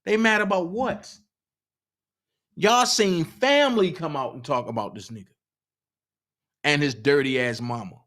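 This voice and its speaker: Fired-up guy with aave ranting on his stream, pitch a bit high, keeps hitting the chat with questions. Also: measured pace, pauses often, fairly bright tone. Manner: indignant, asks the chat pointed questions. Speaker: livestream host. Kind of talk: heated livestream commentary.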